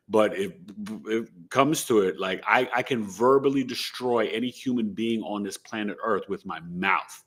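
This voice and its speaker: A man from New City, hosting a live astrology stream in casual, slangy, emphatic chat. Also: medium pitch. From New York City. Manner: animated, emphatic, slangy, boastful. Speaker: astrology show host.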